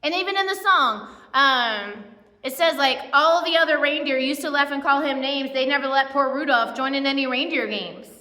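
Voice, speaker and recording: A woman's voice: sits high, normal speed, pushed and bright. A woman pastor giving a casual, conversational sermon, chatty and self-deprecating with many asides. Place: church. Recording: echoey church hall with long reverb.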